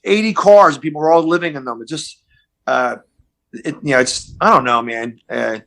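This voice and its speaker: A man with a Philadelphia accent talks on a podcast in a voice pitched a little higher than most men's. He tells his stories in an easygoing way, often trailing off and starting a thought again. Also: moderate pace, vocal fry, fairly bright tone. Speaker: comedian. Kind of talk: casual podcast chat.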